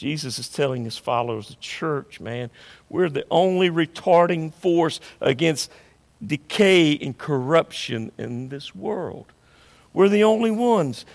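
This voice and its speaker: A man's voice: fairly high pitch, lively intonation, a little slow, gravelly, big-room sound. A man preaching a sermon as pastor, emphatic and repetitive, swelling and dropping in intensity.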